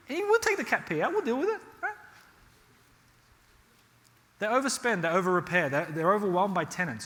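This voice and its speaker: A man's voice: high-pitched, slight background noise. A man from Australia giving a real estate workshop to a live audience, telling stories and checking in with "right?". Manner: animated storytelling with frequent rhetorical "right?". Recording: hall reverb.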